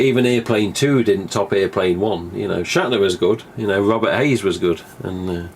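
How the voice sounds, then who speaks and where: Speaking with a lowish voice at a moderate pace and barely pausing, this Englishman runs a live stream over slight background noise. He rambles casually, curses without a second thought, and performs bits of dialogue from past conversations.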